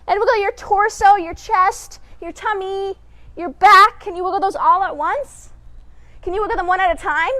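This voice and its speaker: Here the children's story time host has a very high, sharp voice. She leads the young kids in movement exercises with playful encouragement, talking right to them, humming tiny sound effects and laughing in between cues.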